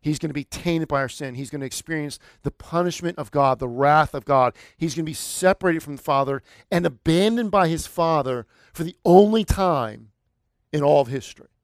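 A man's voice: a little high, moderate pace, no echo, studio quality. A man preaching a sermon in a conversational way, building to emphatic, rising bursts. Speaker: pastor.

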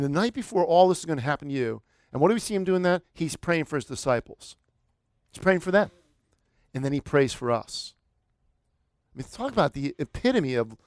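A man delivering a sermon with a slightly high voice, talking to the congregation like a conversation and then pushing up into emphatic peaks. The sound is dry and close, with no room echo. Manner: conversational preaching, rising to emphatic bursts. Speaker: pastor.

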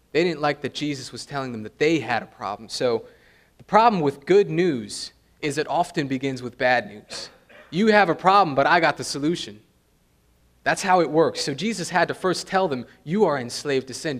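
Young guy preaching, kinda high voice, really animated, does the voices. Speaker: pastor. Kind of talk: sermon.

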